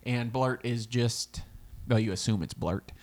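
A man narrating as game master in a tabletop game, relaxed and quick to laugh. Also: medium pitch. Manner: relaxed, laughs often, easygoing.

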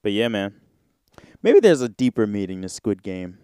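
A man's voice: fairly low pitch, sing-song, moderate pace, warm tone, clear, resonant tone, no echo, studio quality. A young man hosting a podcast solo, chatting casually in a rambling, slangy, profane way. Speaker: podcast host.

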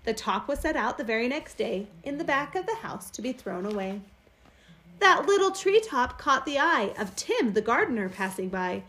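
Brief: bright high female storyteller, lively sing-song read-aloud of a rhyming kids' book. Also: normal speed. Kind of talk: reading a children's picture book aloud.

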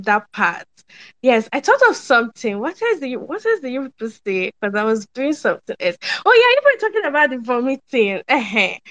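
A young woman, reviewing a film in casual podcast chat, chatty and quick to laugh, with many ums and restarts. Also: a little high, fairly bright tone, lo-fi sound.

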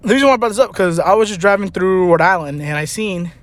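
A man's voice: high-pitched, fast, a bit bright. A man telling a rambling, profane, joking story while sitting in his car. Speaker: vlogger. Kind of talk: casual storytelling rant. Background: car engine noise.

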